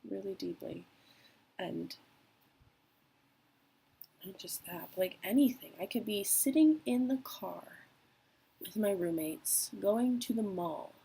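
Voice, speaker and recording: A young woman speaking candidly and emotionally in a personal vlog, with trailing pauses. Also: mid-range voice, lively intonation, creaky, mellow, husky, poor audio. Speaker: vlogger.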